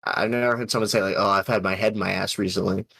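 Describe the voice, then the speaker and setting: A man's voice: lowish voice, fairly even intonation, very fast, vocal fry, fairly bright tone, no echo. A young man co-hosting a podcast, teasing his friends in casual chat. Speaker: podcast co-host.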